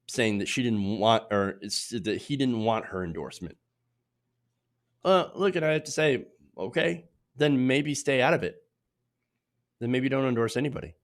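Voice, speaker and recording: A man with a head cold hosts a casual political commentary show. He is opinionated and loose, with plenty of fillers and restarts, at a middle pitch. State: sick with sniffles.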